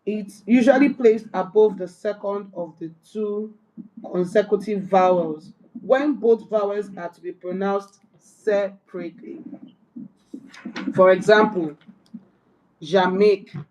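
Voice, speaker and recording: Taking it slowly, a woman with a mellow, medium-pitched voice practices a beginner French lesson, reciting accent rules and echoing her tutor's words with care. The recording quality is low.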